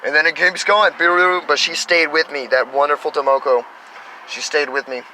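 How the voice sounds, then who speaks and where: Vlogger, man in his thirties, bright forward tone, meandering and upbeat, outdoors with faint traffic behind. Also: a little high, steady tone, moderate pace, low-quality recording. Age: 30s. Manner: enthusiastic, meandering, spiritual self-talk. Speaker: spiritual vlogger. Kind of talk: rambling casual monologue.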